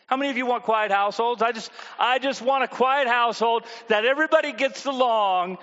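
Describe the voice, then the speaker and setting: A man's voice: extremely high pitch, fairly quick, fairly bright tone, big-room sound, muffled recording. A man preaching a sermon in a conversational way, often asking the congregation questions. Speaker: pastor.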